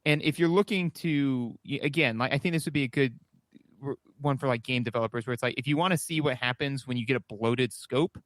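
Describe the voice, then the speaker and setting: A man in his thirties with a mid-range voice chats about an old game on a podcast. He is agreeable and halting, leaning on "like" and "you know". The sound is close and dry, with no room echo. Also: mid-range voice. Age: 30s. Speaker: podcast co-host. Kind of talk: casual retro game review chat.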